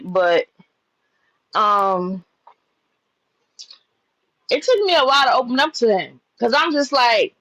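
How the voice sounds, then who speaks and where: Young woman, casual profane storytelling, animated, raised pitch. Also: dry recording, low-quality recording. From New York. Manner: animated, profane, laughs while telling.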